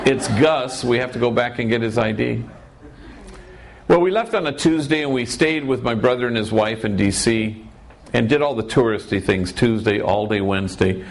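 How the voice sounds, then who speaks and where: A middle-aged priest speaks with a gravelly edge at a middle pitch. He tells his anecdote in a wry, storytelling way and stacks up short, punchy lists. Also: moderate pace. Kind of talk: storytelling talk.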